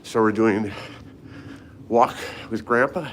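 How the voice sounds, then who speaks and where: In his casual live-stream walk vlog, an older fitness vlogger roams hotel hallways and stairwells, greeting viewers by name and breathing a little hard from the climb. His voice is fairly low and slow, with a slight hiss or hum on the recording.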